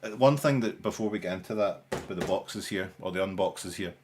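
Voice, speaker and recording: This young man's voice is low and brisk, with a slight hiss or hum in the audio. Hosting a live stream, he chats casually with dry, sarcastic humour, rambling along with frequent restarts and fillers.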